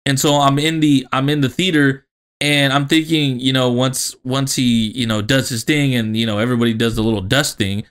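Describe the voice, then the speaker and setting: A man co-hosting a podcast in crude, casual chat, excitable and swearing, laughing often. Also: medium pitch, normal speed, clear, resonant tone. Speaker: podcast co-host.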